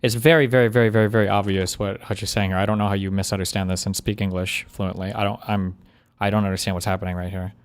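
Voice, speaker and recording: A man's voice: on the low side, flat delivery, quick pace, smooth. A man commentating on a podcast clip, blunt and exasperated, sighing often. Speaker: streamer reacting to a podcast. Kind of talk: reaction commentary.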